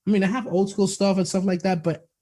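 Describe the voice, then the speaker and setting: Young guy on a podcast, mellow voice, excited storyteller, laughs a bunch. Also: high-pitched, fast. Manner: enthusiastic storyteller, laughs a lot, animated quoting of others. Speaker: podcast guest. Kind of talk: casual interview chat.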